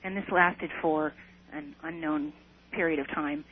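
A woman's voice: low-pitched, fairly even intonation, a little slow, husky. A woman guest in an interview, earnestly recounting a personal experience with some hesitant restarts. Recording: tinny phone line on radio.

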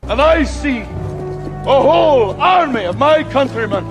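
An actor playing a defiant medieval rebel leader with a Scottish accent, declaiming to rally an army. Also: male voice, very high-pitched, expressive, slow pace, music in the background, full character voice. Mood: rousing. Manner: rousing, declaiming.

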